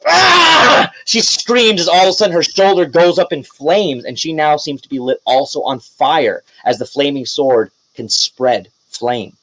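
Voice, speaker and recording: Game master, male, slightly raised pitch, loose rambling narration for a tabletop game. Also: no echo, rough recording. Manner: relaxed, rambling narration with fillers and quick bursts.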